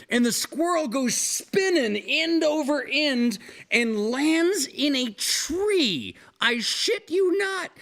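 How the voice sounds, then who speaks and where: A man hosting a casual live music stream, rambling through an animated story with restarts and casual swearing, talking from home. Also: extremely high pitch. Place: home, with balcony and fire pit.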